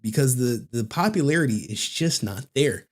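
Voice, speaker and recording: A man's voice: medium pitch, expressive, normal speed, husky. A man hosting casual online commentary, talking in a slangy, profane, mocking way.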